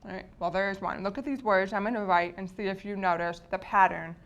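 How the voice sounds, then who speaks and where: A woman's voice: medium pitch, fairly even intonation, fairly quick, fairly bright tone. A woman explaining spelling patterns to teachers in a patient lesson, often checking in with the listeners. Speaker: teacher educator.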